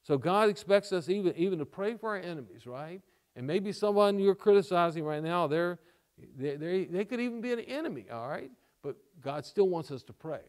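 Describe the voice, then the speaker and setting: Guy preaching a sermon, kinda high voice, says everything twice, keeps asking okay? all right?. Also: expressive, fairly quick. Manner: emphatic, repeats key lines, checks in with "okay?" and "all right?". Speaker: pastor.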